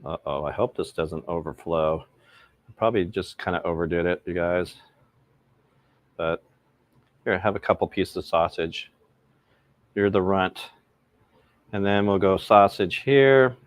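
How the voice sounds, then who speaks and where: Chatty low-voiced man cooking live. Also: unhurried, long pauses, dry recording, studio quality. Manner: chatty, rambling, talks to viewers. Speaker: cooking livestream host. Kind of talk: casual livestream cooking chat. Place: outdoors by a pizza oven.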